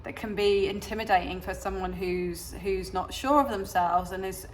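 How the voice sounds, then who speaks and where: A woman's voice: mid-range voice, moderate pace, slight background noise. A woman with an English accent, a yoga teacher talking casually to camera, hesitant with many fillers and restarts. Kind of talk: casual talking-head chat.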